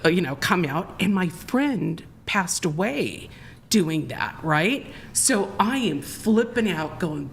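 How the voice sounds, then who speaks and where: A woman's voice: fairly low pitch, slow, creaky, slight background noise. Woman guest rambling thru a wild story, gets worked up, keeps restarting. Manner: excitable, rambling, restarts often, laughs while telling. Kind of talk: animated storytelling on a live show.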